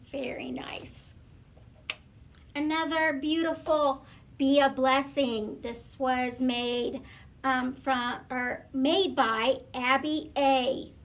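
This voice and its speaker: A woman school librarian reading a picture book aloud to children, gentle and hesitant, often pausing with fillers. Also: sits high.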